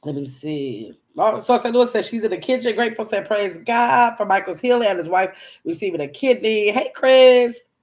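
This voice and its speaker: A woman chatting on a casual live stream, reading viewer comments aloud and greeting people by name. She tells a story in a lively, animated way. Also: medium pitch, moderate pace. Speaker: livestream host.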